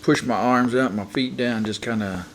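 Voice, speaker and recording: A man's voice: mid-range voice, normal speed, fairly bright tone, slight background noise. A man playing in a tabletop game, talking casually and hesitantly. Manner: casual, hesitant, in character as a kid. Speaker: player.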